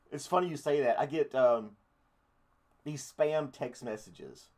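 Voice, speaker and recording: A man's voice: on the high side, lively intonation, slow. A man hosting a casual live-stream podcast, rambling through offhand thoughts with jokey, crude asides. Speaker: podcast host.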